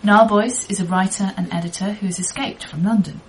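A woman hosting a podcast, reading out measured scripted introductions. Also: mid-range voice, steady tone, rough recording. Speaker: podcast host.

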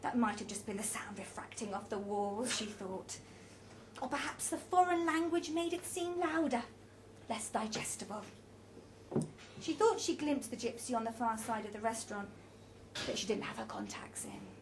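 A woman narrating a story in an even, measured reading voice. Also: a little high, slight background noise. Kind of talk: audiobook narration.

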